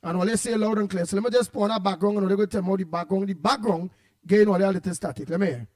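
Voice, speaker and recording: A Trinidadian man hosting a morning radio show, rambling playfully with bursts of loud greetings. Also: high-pitched, racing, dry recording, clean studio sound. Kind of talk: casual call-in radio chat.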